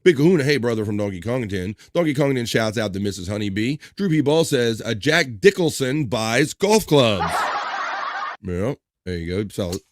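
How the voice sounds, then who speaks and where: A man's voice: medium pitch, animated, normal speed, background noise. A man hosting a live stream, reading viewer messages aloud in a casual way with crude jokes and chuckles.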